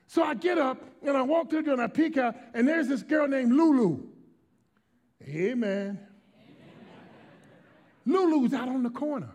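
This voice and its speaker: A middle-aged male pastor from Washington, D.C., preaching a sermon with a notably high voice for a man. His delivery is emphatic and dynamic, moving from shouted lines to hushed storytelling. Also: animated, normal speed.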